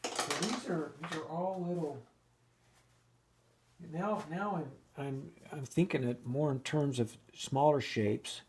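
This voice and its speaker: A man's voice: fairly high pitch, takes it slowly, darkish tone, slight background noise. A man giving a casual oil painting lesson, thinking aloud and restarting sentences as he works at the easel. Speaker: painting instructor.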